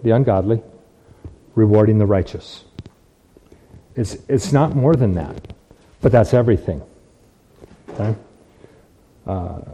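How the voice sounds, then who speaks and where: A man's voice: fairly low pitch, warm tone. A man preaching a sermon, reading scripture aloud and repeating key phrases for emphasis.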